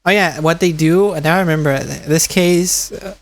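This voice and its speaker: A man's voice: a little high, moderate pace. Chatty man telling stories. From Brazil. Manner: chatty storytelling, laughs often, swears. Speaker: streamer reacting to a video. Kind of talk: casual chat.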